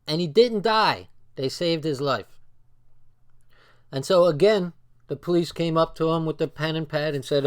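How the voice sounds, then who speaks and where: A man's voice: on the high side, moderate pace. A man casually reading a book aloud and breaking off into loose, swearing asides. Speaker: book reader and commentator.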